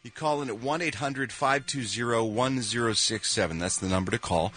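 A man from Philadelphia hosting a morning radio show, reading entertainment news in an animated, jokey way with quick voiced reactions. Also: mid-range voice, husky, faint music behind. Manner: animated, jokey, with quick sound-effect interjections. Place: radio studio.

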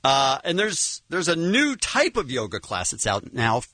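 A man co-hosting morning radio, speaking casually and quickly. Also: medium pitch, wildly swooping pitch, bright, forceful tone, no room sound. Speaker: radio co-host.

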